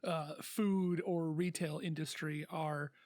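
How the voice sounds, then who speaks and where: A man's voice: a little high, fairly even intonation, slow, a little mellow, no room sound, studio quality. A man co-hosting a podcast, chatting casually with profane words and hesitant restarts. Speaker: podcast co-host. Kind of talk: casual chat.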